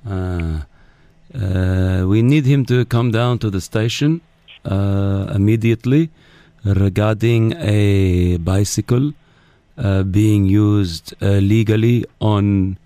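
A man's voice: fairly low pitch, takes it slowly, warm tone, dry recording, pitched below the performer's own voice. A radio host playing a hesitant male security officer on a prank call, stalling with many uhs. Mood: stiff official.

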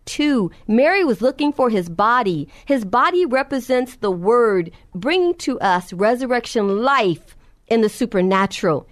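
A woman's voice: expressive, a little slow, dry recording. A woman preacher delivering a sermon, retelling scripture with impassioned emphasis, her voice climbing at key points. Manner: impassioned, rising in pitch at emphasis.

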